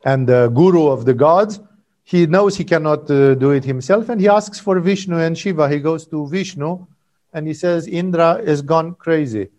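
A man's voice: a little high, moderate pace, a little mellow. Man telling a spiritual story, rambling. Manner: rambling, digressive storyteller with frequent "no?" and "you know". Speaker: spiritual teacher. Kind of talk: satsang talk, storytelling.

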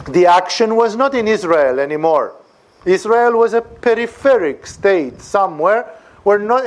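A man giving an animated lecture on scripture, often asking rhetorical questions and checking for agreement. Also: high-pitched. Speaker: spiritual teacher.

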